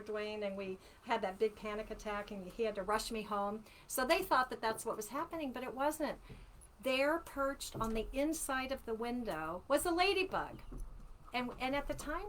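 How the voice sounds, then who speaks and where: A woman in her sixties, an author chatting casually with viewers on a home livestream, animated and chatty. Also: on the high side, a little hiss or hum. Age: 60s. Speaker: author hosting a live book launch.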